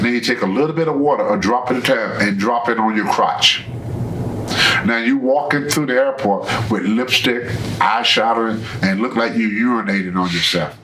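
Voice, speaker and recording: A man's voice: medium pitch, a bit bright, a little hiss or hum. Blunt man in an echoey room. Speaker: interview guest. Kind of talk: casual storytelling.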